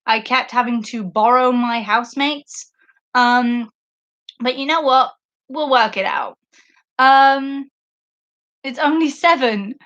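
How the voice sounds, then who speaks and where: A woman's voice: a little high, slow pace, long pauses, fairly bright tone, muffled recording. A young woman hosting a podcast live stream, chatting casually and enthusiastically in a rambling way, full of fillers, on a basic microphone. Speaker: podcast host. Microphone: basic makeshift microphone.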